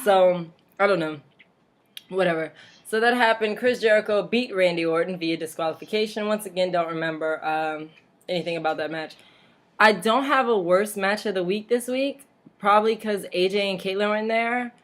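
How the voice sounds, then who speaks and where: A woman talks through a wrestling recap at home, rambling loosely with lots of fillers. She laughs easily and drops mocking asides. Her pitch is middling for a woman and her tone is relaxed and conversational. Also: moderate pace. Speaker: vlog host. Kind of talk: casual wrestling recap vlog.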